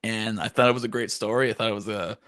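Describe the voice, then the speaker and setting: A man co-hosting a podcast in casual chat, animated and profane, acting out scenes in silly voices. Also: fairly low pitch, fast, no echo. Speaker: podcast co-host.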